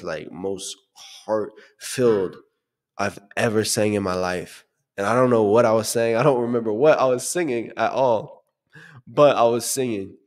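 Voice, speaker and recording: A young man telling his personal testimony in an earnest way, often pausing and searching for words. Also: lowish voice. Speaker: testimony speaker.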